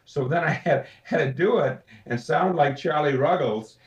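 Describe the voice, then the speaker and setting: A man, a voice actor, telling anecdotes in an interview in an animated way, slipping into voices. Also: fairly high pitch, normal speed, highs cut off. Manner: animated storyteller, slips into voices. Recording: roomy, distant mic.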